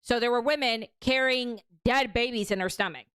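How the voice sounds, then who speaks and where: A woman's voice: a little high, normal speed, a bit bright, clear, resonant tone, no echo. A young adult woman hosting a casual commentary livestream, talking bluntly with lots of swearing. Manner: blunt, profane, ranting. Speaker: stream host.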